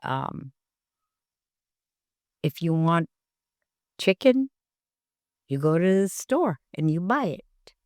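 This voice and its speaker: Elder woman from Alaska, storyteller, lower voice, unhurried, dry recording. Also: big pitch swings, no echo. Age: older. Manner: slow, gentle storytelling with acted dialogue. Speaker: elder interviewee. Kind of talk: storytelling in an interview.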